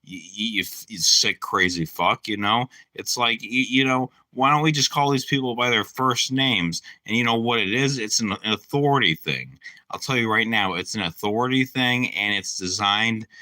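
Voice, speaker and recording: A man's voice: medium pitch, moderate pace, pushed and bright, no echo. A man rambling through a casual live-stream monologue, swearing often and leaning on fillers like "you know" and "uh". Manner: profane, filler-heavy, meandering. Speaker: channel host.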